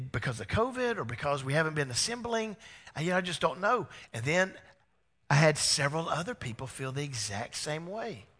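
A male pastor preaches a sermon in a church sanctuary, with an animated storytelling delivery that acts out dialogue. His voice is fairly high and forceful, and it swings from loud to hushed. Long reverb from the hall trails behind every phrase. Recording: echoey hall.

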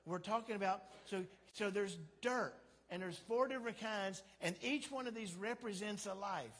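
A man's voice: high-pitched, moderate pace, fairly bright tone. A man preaching a sermon as pastor, in a conversational, humorous way that acts out quotes. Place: church sanctuary. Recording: long hall reverb.

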